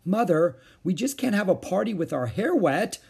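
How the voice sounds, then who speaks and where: A man's voice: fairly high pitch, big pitch swings, a little fast, darkish tone, breathy edge, voice pushed up. A man reading a children's book aloud, voicing a girl who is an exasperated, harried older sister. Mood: wailing. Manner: urgent and exasperated.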